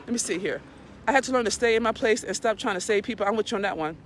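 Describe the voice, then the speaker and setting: A woman's voice: mid-range voice, very fast, slight background noise. A woman hosting a casual live stream, talking bluntly and preachily with lots of swearing while walking her dog outdoors. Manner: blunt, profane, preachy and animated. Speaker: live video host.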